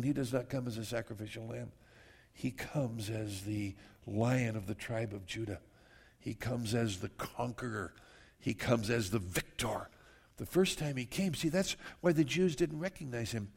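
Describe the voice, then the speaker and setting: A male pastor preaching a sermon in a mid-range voice with a gravelly edge. He talks earnestly and conversationally, often stopping to address his listeners directly. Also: medium pitch, a little mellow. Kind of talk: verse-by-verse sermon.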